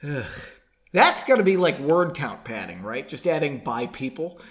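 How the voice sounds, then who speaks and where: A man hosts a casual comedic read-along, tossing off sarcastic, mocking asides between passages. His voice sits a touch high and swings around a lot. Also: sing-song, moderate pace, fairly bright tone. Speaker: podcast host reading a book aloud.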